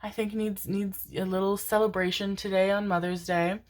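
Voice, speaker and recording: A woman voicing a kindly older gentleman who hands out flowers, warm and gently cheerful. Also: mid-range voice, level tone, moderate pace, voice pushed up, close to an everyday voice.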